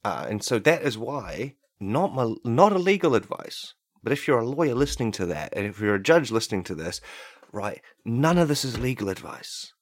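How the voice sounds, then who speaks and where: A man hosting a solo comedy podcast, rambling from joke to joke and often breaking off mid-word. His voice is mid-pitched for a man. The recording is dry, with no room echo. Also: sing-song, normal speed. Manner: rambling, self-interrupting, jokey. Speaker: podcast host.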